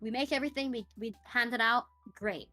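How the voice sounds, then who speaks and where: A woman telling a story in a casual podcast interview, acting out the people in it with animated delivery. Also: fairly high pitch, fairly quick, no echo, faint music behind. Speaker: podcast guest.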